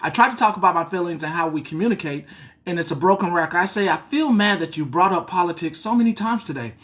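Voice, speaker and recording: A woman's voice: on the low side, expressive, fast talker. A woman hosting a show, reading a story aloud and breaking off for blunt, profane asides. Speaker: host.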